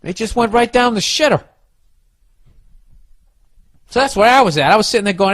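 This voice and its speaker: A man's voice: high voice, normal speed, long pauses, fairly bright tone. Profane, ranting male podcast host. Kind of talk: casual podcast monologue.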